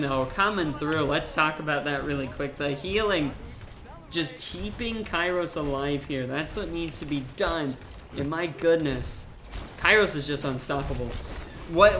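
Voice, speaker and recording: A young man calls a college esports match in play-by-play, excitable and joking, his voice climbing as the fights heat up. His tone is bright and fairly high, and the room around him sounds echoey with a faint hum of ambience. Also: normal speed. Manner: excitable, jokey, rising to shouts in big plays. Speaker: esports caster. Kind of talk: play-by-play commentary.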